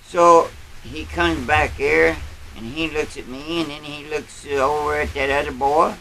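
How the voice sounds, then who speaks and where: A bragging old country grandpa, put on by a man rambles through his tall tale in an unhurried drawl. His voice sits fairly high for a man and rings bright and forceful. A faint hum of background noise runs under him. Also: fairly even intonation, poor audio. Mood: folksy. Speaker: storyteller. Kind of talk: character storytelling.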